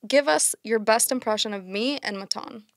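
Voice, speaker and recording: A woman co-hosting a podcast in casual chat, bubbly and quick with her interjections. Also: on the high side, no echo, clean studio sound. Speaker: podcast co-host.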